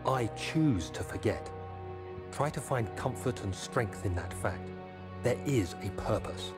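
An actor playing a man's recorded note voice, grave and urgent, with a solemn, measured reading. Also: mid-range voice, animated, natural voice. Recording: long reverb with music behind.

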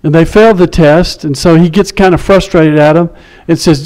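A male pastor delivers a sermon with a high-pitched voice. He is animated and acts out the people he quotes, shifting his voice for each one. His tone moves between emphatic peaks and softer, lower asides. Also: moderate pace, rough recording.

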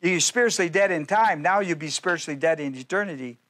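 A male pastor preaching a sermon in a folksy, joking way, full of quick asides and playful jabs at his listeners. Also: fairly high pitch, pushed and bright.

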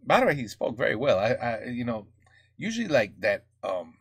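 A man from the United States reacting to a music video in casual, halting commentary full of fillers and restarts. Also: mid-range voice, sing-song, breathy edge, no echo, clean studio sound. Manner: thinking aloud, many fillers and restarts.

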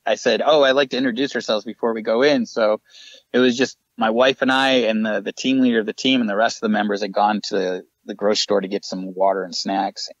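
A man, a paranormal investigator guest on a podcast, telling lively stories and acting out what people said. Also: fairly low pitch, fast talker, no room sound, lo-fi sound. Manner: animated anecdotes with acted-out quotes. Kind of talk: casual podcast storytelling.

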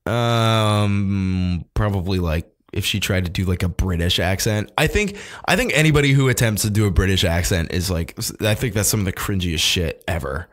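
A man's voice: deep voice, animated, moderate pace. A man co-hosting a podcast, casually chatting about films, laughing often and swearing freely. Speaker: podcast co-host. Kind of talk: casual film review chat.

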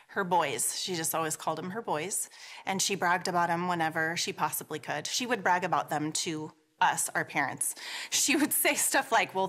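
A woman giving a heartfelt, conversational eulogy for her mother, pausing and restarting as she speaks. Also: on the low side, fairly bright tone. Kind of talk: personal memorial tribute.

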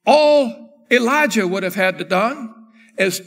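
A man preaching a sermon as pastor, swinging from quiet talk to shouted, half-sung lines. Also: sits high, lively intonation, slow pace, in a large hall. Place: church sanctuary.

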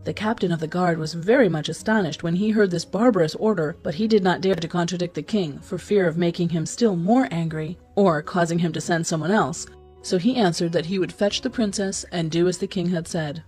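A woman storyteller reads a fairy tale in a calm, even, scripted way. Her voice is lowish, mellow and a little breathy. Soft music plays faintly behind her. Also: brisk. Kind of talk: scripted narration.

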